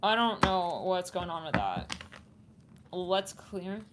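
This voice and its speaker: A woman's voice: fairly low pitch, very animated, slow pace. A woman giving a casual tarot reading to her viewers, chatting and thinking aloud as she trails off and restarts. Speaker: tarot reader. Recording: audible background noise and clicks.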